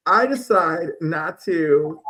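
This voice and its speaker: A man's voice: a little high, lively intonation, takes it slowly, poor audio. A man telling crude rambling stories in a casual panel chat. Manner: crude, rambling storyteller, loud acted outbursts.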